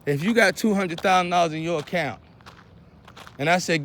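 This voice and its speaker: A man's voice: sits high, moderate pace, fairly bright tone, slight background noise. Scolding man preaching to viewers. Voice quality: frequent throat clearing. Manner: lecturing, scolding. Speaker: vlogger.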